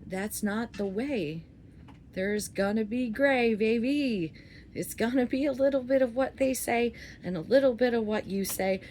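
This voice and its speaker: A woman in her forties talking to her viewers in a candid, rambling monologue, cursing freely and swinging between loud outbursts and soft asides. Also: a little high, measured pace, slight background noise. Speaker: vlogger. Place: outdoors under a flight path.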